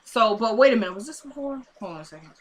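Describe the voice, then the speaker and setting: A woman's voice: fairly high pitch, lively intonation, quick pace, poor audio. A young adult woman casually recapping a TV episode, rambling with lots of fillers. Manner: rambling, lots of "like" and "you know".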